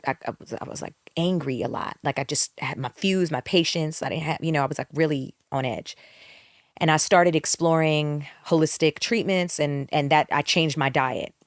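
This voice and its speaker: A woman's voice: low voice, no echo. Candid woman telling her story, dry mic. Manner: candid, reflective storytelling with many restarts. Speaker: guest singer. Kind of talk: podcast interview.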